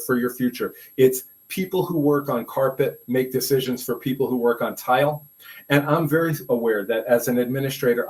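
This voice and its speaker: A man's voice: medium pitch, a little mellow, poor audio. An older man from Brooklyn, a veteran school administrator, telling stories in a casual, rambling way with many restarts and asides. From Brooklyn, New York. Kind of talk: casual conversational storytelling.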